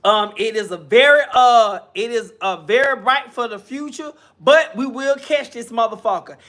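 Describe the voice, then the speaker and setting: Sassy high-voiced man gossiping live. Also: sharp tone. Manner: sassy, swearing, drawn-out exclamations. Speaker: commentary streamer. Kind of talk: casual live-stream gossip commentary.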